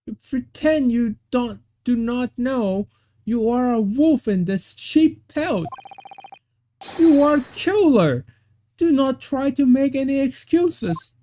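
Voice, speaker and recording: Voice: mid-range voice, expressive, takes it slowly, warm tone, a little hiss or hum. Accusing young woman, read aloud by a streamer, raised voice, earnest, stumbling slightly. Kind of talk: reading game dialogue aloud.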